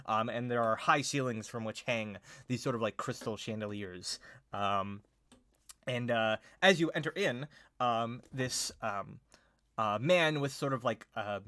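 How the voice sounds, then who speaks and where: A man's voice: medium pitch, unhurried, bright, forceful tone, dry recording. A young man narrating a tabletop game as game master, casual and rambling with lots of fillers.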